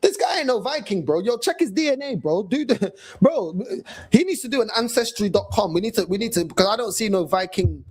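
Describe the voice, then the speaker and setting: Hosting a fan channel, a man with a London accent launches into a casual rant full of slang and mockery. His husky voice sits high and moves briskly, the pitch jumping about with animated energy.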